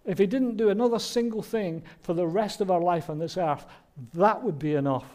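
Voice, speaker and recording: Male pastor, fairly high voice, earnest sermon delivery. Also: a little fast. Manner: earnest, warm preaching with rhetorical questions. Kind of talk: Christmas sermon.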